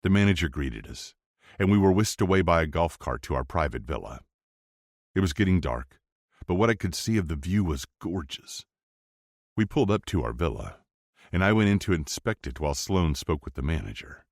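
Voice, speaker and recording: A man narrating a first-person romance audiobook in a low, steady, intense delivery. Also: moderate pace, dry recording, clean studio sound.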